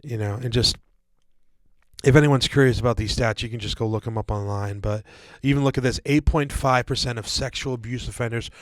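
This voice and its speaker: Heard with no room sound, a man with a mid-range voice talks fairly quickly as co-host of an easygoing podcast. He wanders through the conversation with lots of fillers and false starts, calling people "guys" and "dude."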